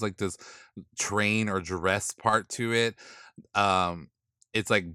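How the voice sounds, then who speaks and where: A man's voice: lowish voice, sharp tone, dry recording, studio quality. Sassy man reviewing drag looks. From not from the East Coast. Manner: sassy and blunt, swears freely, drawn-out dismissals. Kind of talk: casual commentary vlog.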